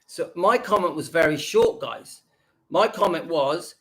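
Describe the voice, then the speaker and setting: A man's voice: on the high side, expressive, a little slow, a bit bright. A man, hosting his own channel and ranting indignantly in a reaction video, repeating his points with emphasis. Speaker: YouTube channel host.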